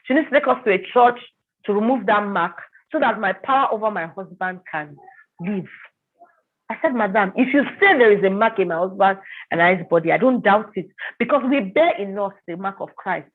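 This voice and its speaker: A woman's voice: medium pitch, animated, normal speed. A woman telling a personal testimony in an interview, acting out the voices of the people in it. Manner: vivid storytelling, acting out quoted voices. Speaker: guest telling her story. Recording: tinny phone-like sound.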